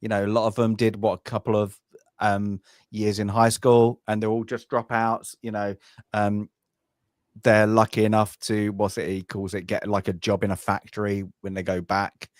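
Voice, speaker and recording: A lowish-voiced British man talks at a moderate pace with a level tone while co-hosting a podcast. He chats casually about a film, rambling with many fillers and restarts, in clean studio sound with no room noise.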